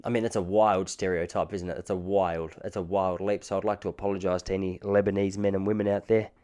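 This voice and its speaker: A man's voice: sits low, flat delivery, fast, dark tone, clear, resonant tone. An Australian man in his thirties hosting a podcast, telling rambling, joking stories in a casual solo monologue. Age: 30s. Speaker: podcast host.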